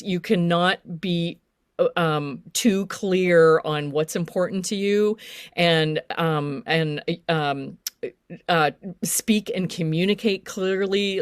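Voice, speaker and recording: A chatty woman with a fairly low voice gives psychic readings on a live panel, filling gaps with ums and laughing easily. Her sound is dry and close. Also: no echo.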